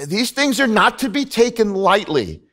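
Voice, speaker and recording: A man's voice: high-pitched, very animated, normal speed, fairly bright tone. Earnest man preaching a sermon. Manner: earnest, conversational preaching with repetitions. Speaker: pastor. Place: church sanctuary.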